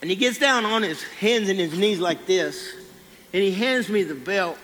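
A man preaching a sermon, telling a folksy personal story and dropping low on quiet lines. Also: lively intonation, moderate pace, big-room sound, a little hiss or hum.

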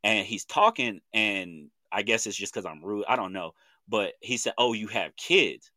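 A man in his thirties from Oklahoma with an Oklahoma accent, co-hosting a podcast and telling a story in animated casual chat, acting out what people said in slangy talk. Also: fairly low pitch, normal speed, dry recording. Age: 30s. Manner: animated storytelling with slang, acts out quoted voices. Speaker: podcast co-host.

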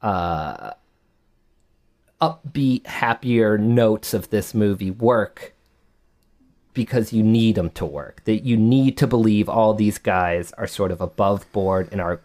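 A man's voice: lowish voice, takes it slowly, a little mellow. A man co-hosting a podcast, talking casually and thoughtfully about a film. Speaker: podcast co-host.

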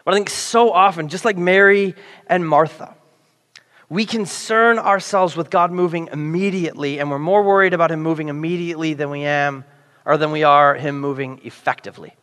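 A man's voice: fairly high pitch, fairly even intonation, normal speed, bright, forceful tone. A man preaching a sermon as pastor, conversational and earnest, in a church hall. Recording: echoey hall.

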